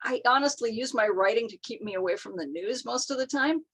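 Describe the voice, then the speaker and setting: A woman's voice: a little high, fairly quick, fairly bright tone, breathy edge. A woman who is a guest author, talking thoughtfully in casual chat.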